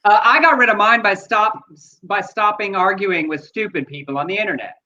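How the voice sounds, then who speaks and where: A man's voice: high-pitched, a little fast, pushed and bright. A man co-hosting a casual live talk show, blunt and chatty, who swears casually. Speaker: co-host. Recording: dull lo-fi sound.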